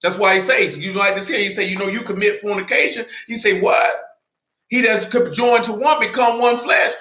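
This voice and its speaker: A man preaching a sermon in a fiery, confrontational street-talk style, slowing down and dropping lower when he reads scripture. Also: pushed and bright, roomy sound. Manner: slower, lower reading of scripture.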